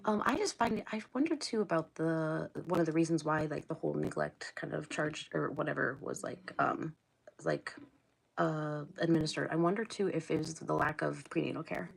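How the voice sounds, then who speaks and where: The host, a middle-aged woman from Ohio, speaks at a moderate pace in a low voice with vocal fry and a breathy edge. Her casual livestream is full of rambling chatter, frequent laughter and replies to the chat.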